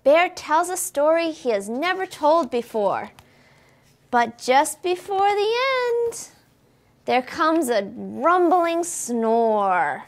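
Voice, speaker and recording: A woman, a children's librarian, reading a picture book aloud at a library storytime in an expressive, sing-song way, asking the children questions. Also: sits high, slow.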